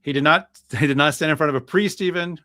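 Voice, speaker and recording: A priest telling a church history story in a lively talk-show conversation, with plenty of fillers and restarts. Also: male voice, on the high side, fast, dry recording. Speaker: guest priest.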